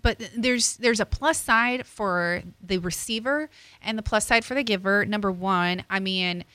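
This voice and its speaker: A woman, hosting a radio talk show in a casual, chatty, excitable way. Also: medium pitch, unhurried, clean tone, dry recording. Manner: chatty, laughs easily, excitable.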